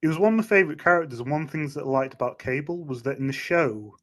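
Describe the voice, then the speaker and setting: A man hosting a casual interview, eager as a fan and halting with fillers and restarts. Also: a little high, lively intonation, fairly bright tone. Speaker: interview host.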